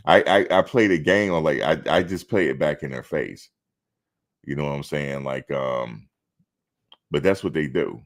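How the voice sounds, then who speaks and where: A man's voice: rumbling low, brisk. A man hosting a live stream, talking casually and bluntly, outspoken and swearing freely.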